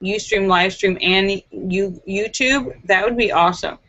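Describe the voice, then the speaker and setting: A woman's voice: mid-range voice, measured pace, fairly bright tone, dull audio. A woman hosting a casual live stream, reading out viewers' jokes and laughing at them. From United States. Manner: giggly, laughs at her own jokes.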